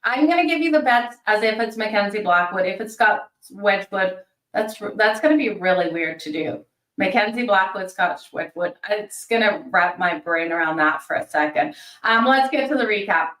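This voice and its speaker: A woman hosting a daily hockey betting show, talking fast and chatty, thinking out loud with fillers. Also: medium pitch, animated, distant mic. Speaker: sports betting show host. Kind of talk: casual fast-paced hockey picks talk. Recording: roomy sound from off-mic.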